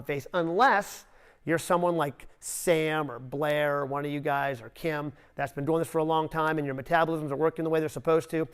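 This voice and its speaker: A man leading a nutrition seminar, talking straight to the group with direct coaching and quick asides. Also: fairly high pitch, clean tone. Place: seminar room.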